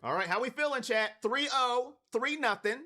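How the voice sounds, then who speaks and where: A man's voice: very high-pitched, animated, normal speed, pushed and bright. A man hosting a live watch party, calling plays and talking straight to his chat with hype-driven energy, his voice wearing thin. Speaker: livestream watch party host. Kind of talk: live play-by-play commentary with chat.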